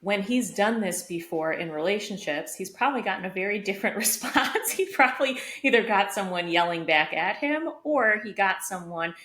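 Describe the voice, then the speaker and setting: Recorded in an echoey home room where a vacuum runs outside the door and faint noise lingers, a woman tells a personal story on her podcast, reflective and open, with plenty of fillers. Her voice is medium-pitched and a bit bright, lively, at normal speed with few pauses.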